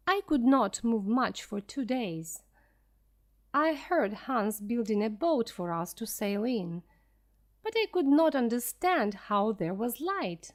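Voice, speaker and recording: Slow, clear woman reading a story. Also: fairly high pitch, animated. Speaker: narrator. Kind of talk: story read for beginner learners.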